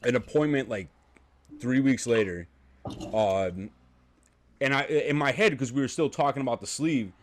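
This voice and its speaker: Male host, casual storyteller, average pitch, quick to laugh, a bit profane. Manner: chatty storyteller, laughs a lot, swears casually. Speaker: podcast host. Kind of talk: casual chat.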